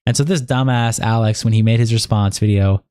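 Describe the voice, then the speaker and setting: A man's voice: fairly low pitch, brisk, warm tone, clear, resonant tone, no echo, studio quality. A man streaming live, reading chat logs aloud and commenting on them bluntly with plenty of swearing. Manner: blunt, profane and exasperated.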